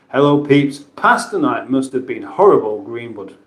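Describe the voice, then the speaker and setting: A man's voice: mid-range voice, big pitch swings, moderate pace. A British man hosting a casual livestream, chatting and joking as he reads out viewer messages. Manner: chatty, jokey, playful voices for chat names. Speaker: livestream host reading chat. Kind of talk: casual live chat. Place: home kitchen. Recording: roomy echo.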